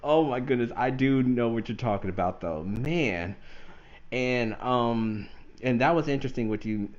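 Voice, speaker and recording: A man hosting a gaming podcast in casual chat, animated and often laughing. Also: medium pitch, normal speed, muffled recording. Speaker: podcast host.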